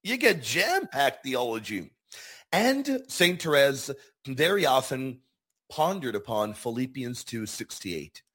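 A man hosting a Catholic devotional show, teaching with fervent, emphatic delivery and slowing down to stress key words. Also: mid-range voice, fairly bright tone, breathy edge.

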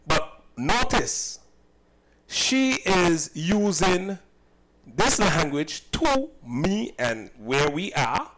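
A man tells the story of a run-in with a customer, his voice sitting a little high for a man. He is emphatic and indignant and circles back to his points again and again. A crowd murmurs clearly in the background. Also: big pitch swings, drawn-out words, low-quality recording. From Saint Kitts. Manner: emphatic, indignant, repeats himself. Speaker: cook and business owner. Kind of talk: recounting a personal incident.

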